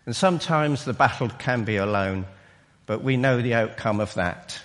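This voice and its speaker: A man preaching a sermon in a church, slow and emphatic, with halting restarts. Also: medium pitch. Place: church hall. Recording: long reverb in a hall.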